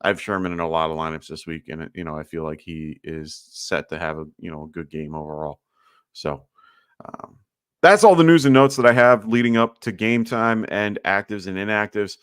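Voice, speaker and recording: This is a low, smooth male voice at a moderate pace, captured in a dry, clean studio. He runs a laid-back fantasy football Q&A stream, chatting loosely with plenty of fillers. A slight lisp and a sleep-deprived weariness color his speech.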